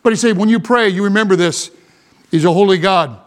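A pastor preaching a fervent sermon, rising to shouts at times. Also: male voice, sits high, brisk.

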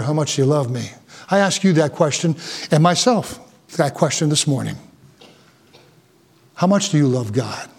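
A male pastor delivers a fervent sermon, his voice sitting a little high. He presses his points with emphatic, rising peaks. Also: a little mellow.

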